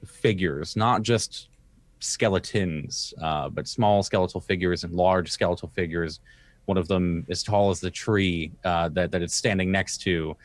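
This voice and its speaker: A man narrates a tabletop adventure as its game master, describing scenes in a loose, relaxed way with many pauses. His voice sits low. The recording is close and dry. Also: no room sound. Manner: relaxed, descriptive, full of ums and uhs.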